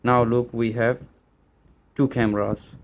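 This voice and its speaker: In a small store, a tech tutorial presenter walks viewers step by step through setting up a camera, hesitating with many fillers and restarts. His mid-range voice is flat and measured, with slight background noise.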